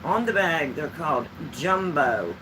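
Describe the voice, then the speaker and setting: A woman's voice: low-pitched, lively intonation, a little slow, noisy background. A woman vlogger chatting at home, telling homespun stories in a rambling, easygoing way. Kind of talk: casual storytelling chat.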